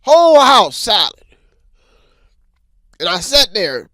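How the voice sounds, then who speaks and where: A man hosting a weekly headlines show, telling stories in a lively, animated way and acting out the voices of others. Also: sits high, slow, no echo. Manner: animated storytelling, acts out voices. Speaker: news show host. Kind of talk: casual news commentary.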